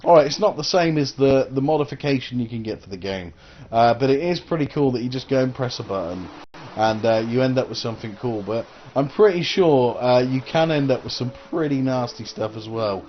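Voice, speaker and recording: A man's voice: mid-range voice, lively intonation, fairly quick, a little hiss or hum. Rambling man, dull lo-fi recording. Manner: rambling and hesitant, full of uh and um. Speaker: gaming channel host. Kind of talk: casual gameplay commentary.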